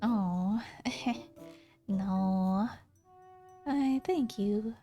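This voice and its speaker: A woman's voice: mid-range voice, darkish tone, soft background music. A young woman streaming a visual novel, chatting casually in a bubbly, giggly way. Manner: bubbly, giggly, drawn-out playful exclamations. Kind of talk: casual chat while playing a visual novel.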